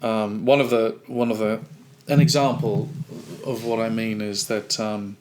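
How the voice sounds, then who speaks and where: A man co-hosting a podcast in casual chat, talking in a halting, stop-start way. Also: on the low side, level tone, darkish tone, a little hiss or hum. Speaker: podcast co-host; clinic supervisor.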